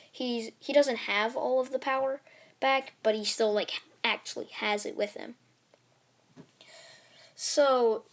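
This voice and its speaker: A woman telling a fan-made story out loud in a loose, chatty way, full of fillers and restarts. Her voice sits at a middle pitch, and the telling runs on casually from one scene to the next. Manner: rambling, many fillers and restarts. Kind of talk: casual spoken fan-fiction retelling.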